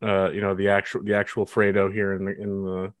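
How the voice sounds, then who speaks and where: A man hosts a podcast in easygoing chat. His voice sits fairly low, and he drifts through his points in a relaxed, rambling way. The sound is dry and close, with no room around it. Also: a little fast, no room sound. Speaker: podcast host. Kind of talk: casual chat.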